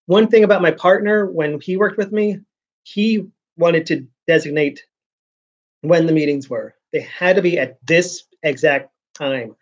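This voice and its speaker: A man's voice: fairly high pitch, a little slow, highs cut off. A man vlogging in a casual, rambling way, venting his frustration and repeating words as he goes.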